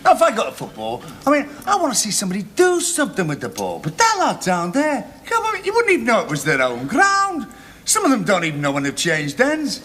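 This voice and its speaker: A man's voice: high voice, huge pitch swings, a bit bright, faint music behind, heavily acted. A cocky Liverpool young man. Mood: mocking. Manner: mocking, argumentative, quick comebacks. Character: cocky young Liverpudlian son-in-law, quick to argue. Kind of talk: 1970s studio sitcom acting. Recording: sitcom with studio audience laughter.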